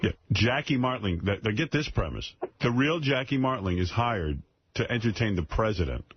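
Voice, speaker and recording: Sarcastic, low-voiced radio host. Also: male voice, expressive, normal speed, a little hiss or hum. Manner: sarcastic, mocking. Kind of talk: casual radio talk. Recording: slightly dull radio broadcast sound.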